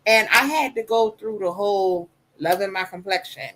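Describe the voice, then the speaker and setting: A woman speaking candidly on a podcast about her own life, emphatic and animated, with a soft voice. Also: medium pitch, normal speed, poor audio. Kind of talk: candid personal storytelling.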